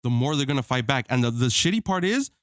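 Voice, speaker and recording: A man's voice: medium pitch, sing-song, fast, dry recording, studio quality. A man co-hosting a podcast, pushing back insistently in a heated casual debate and swearing freely. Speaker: podcast co-host.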